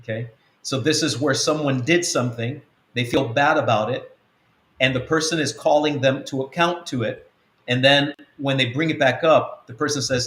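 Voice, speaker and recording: A man's voice: medium pitch, moderate pace, a bit bright. Earnest man teaching in an echoey room. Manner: earnest, counts through points with many restarts. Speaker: apostle of a web church. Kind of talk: teaching talk answering a question.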